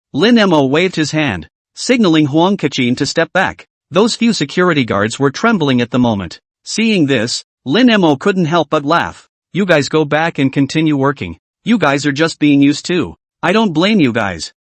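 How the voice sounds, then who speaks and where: Lively man narrating a story recap. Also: a little high, dry recording. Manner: reads all dialogue in the same narrating voice.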